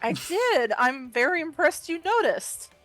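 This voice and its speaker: A woman's voice: high-pitched, very animated, unhurried, fairly bright tone, soft background music, heavily acted. A woman voicing a courteous, reserved woman adventurer in a tabletop game, close to her own voice. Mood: polite.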